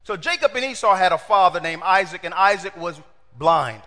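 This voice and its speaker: A middle-aged man preaching a lively storytelling sermon, acting out voices and talking to the congregation. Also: high voice, moderate pace. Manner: lively, acts out quoted voices, talks to the congregation. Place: church hall. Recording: long hall reverb.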